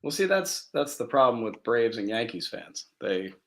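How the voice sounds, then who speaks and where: A man's voice: mid-range voice, sing-song, normal speed. A man co-hosting a casual talk show, hesitant and jokey, often restarting his sentences. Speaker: podcast co-host. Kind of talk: casual chat.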